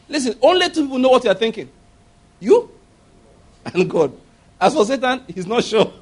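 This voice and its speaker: A man delivers a sermon in a fairly high voice. He preaches with animation, laughs often, and keeps putting questions to his listeners. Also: a little mellow.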